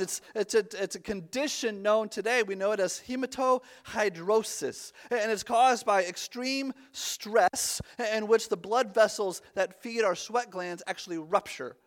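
A pastor preaching a conversational sermon, often restarting his words and dropping suddenly to a hush. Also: high voice, unhurried, few pauses.

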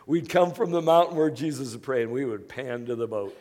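A man preaching a sermon as earnest storytelling, moving between hushed, quiet passages and loud, excited bursts. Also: mid-range voice, brisk. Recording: long reverb of a hall.

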